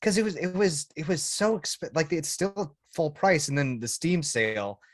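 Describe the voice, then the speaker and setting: A man co-hosting a podcast who chats casually and excitedly, stumbling and restarting his sentences. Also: fairly high pitch, moderate pace, no echo, studio quality. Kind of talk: casual chat.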